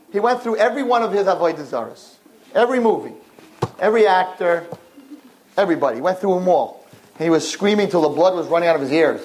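Animated, high-voiced male preacher. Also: fast, a little hiss or hum, poor audio. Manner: dramatic storytelling, emphatic repetition. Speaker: religious teacher addressing girls. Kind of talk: sermon.

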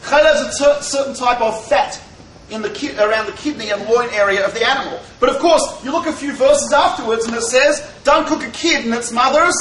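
A man's voice: extremely high pitch, fairly quick, a bit bright, slight background noise. A man teaching the Torah to a live audience, joking and asking rhetorical questions. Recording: echoey hall, voice from far off.

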